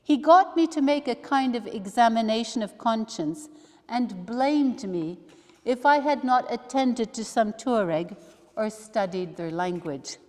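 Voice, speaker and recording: Woman, nun teaching a study day, unhurried, reflective, long hall echo. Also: a little high, animated. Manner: slow, thoughtful, with soft asides like "huh?". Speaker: religious sister leading a study day. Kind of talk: reflective teaching talk with readings.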